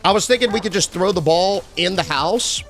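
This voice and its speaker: A young man streaming a game live, chatting casually and answering his chat with shout-outs. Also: high voice, brisk, soft background music.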